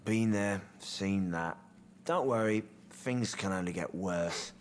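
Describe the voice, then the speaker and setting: A man's voice: deep voice, takes it slowly, a little hiss or hum. An actor playing a cynical drunk man at a bar, sardonic and world-weary. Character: male drunk bar patron, cynical and sour.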